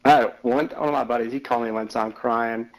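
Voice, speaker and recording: A man's voice: medium pitch, steady tone, fast talker, rough recording. Rambling, cussing young guy telling stories. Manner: rambling storytelling, heavy swearing, lots of "like". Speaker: gamer chatting with a friend. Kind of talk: casual chat over a game.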